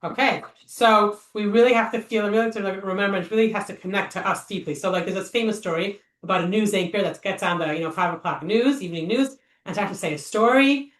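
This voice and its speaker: A woman's voice: mid-range voice, quick pace, few pauses. A woman leading an informal text study class, chatty and thinking aloud with many fillers and rhetorical questions. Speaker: Torah study teacher. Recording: echoey room, voice a bit far from the mic.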